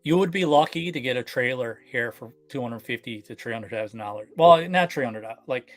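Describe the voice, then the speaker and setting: A man's voice: medium pitch, brisk, no echo, soft background music. A man from Newfoundland chatting as a guest on a live stream, easygoing and chuckly, with lots of filler words. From Newfoundland, Canada. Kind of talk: casual live chat.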